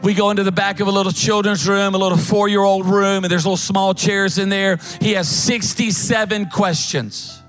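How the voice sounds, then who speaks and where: High-voiced pastor telling stories. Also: male voice, faint music behind. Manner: animated, folksy storytelling with quick asides. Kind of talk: sermon storytelling.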